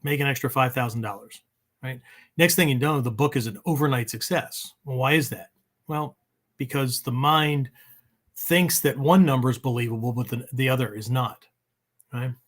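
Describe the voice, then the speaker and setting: A man's voice: mid-range voice, moderate pace. A man hosting a training podcast, talking casually and rambling, checking in with "right?" at the end of many sentences. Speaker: podcast host. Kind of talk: casual spoken podcast monologue.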